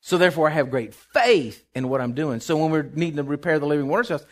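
An older man, telling a personal faith testimony in a rambling way, full of fillers, moving from hushed tones to shouted declarations. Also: a little high, fast talker. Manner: emotional, swings from hushed to shouting. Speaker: testimony speaker.

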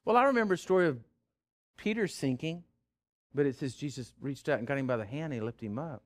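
A man preaching a sermon in an animated way, with big swings in pitch, stammered repeats and chuckles. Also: fast.

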